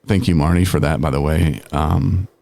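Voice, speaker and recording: A man's voice: extremely low pitch, steady tone, moderate pace, creaky, dark tone, no echo. A man in his forties hosting a podcast, telling a personal story in a casual, conversational way with frequent laughs and filler words. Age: 40s. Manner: casual, conversational, peppered with "man" and "you know"; laughs while telling stories. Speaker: podcast host.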